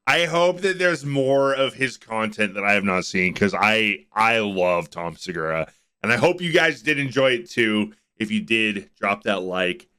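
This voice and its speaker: A man's voice: on the low side, expressive, measured pace, bright, forceful tone, clear, resonant tone. A man hosting a reaction video who laughs along and talks straight to his viewers in a laid-back way. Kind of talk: casual reaction commentary.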